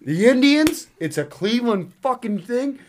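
A man co-hosting a podcast in casual, profane, excitable banter. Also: very high-pitched, normal speed, slight background noise. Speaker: podcast co-host. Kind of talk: casual chat.

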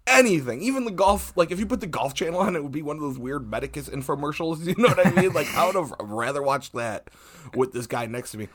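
A man's voice: on the high side, lively intonation, quick pace, a bit bright, husky. A man with a lisp, co-hosting a podcast in casual, rambling banter and laughing often. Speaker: podcast co-host.

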